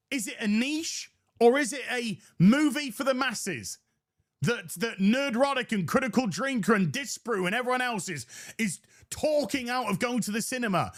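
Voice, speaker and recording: A man's voice: very high voice, a bit bright. A man co-hosting a livestream, talking emphatically and swearing, firing off rhetorical questions. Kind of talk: casual livestream chat.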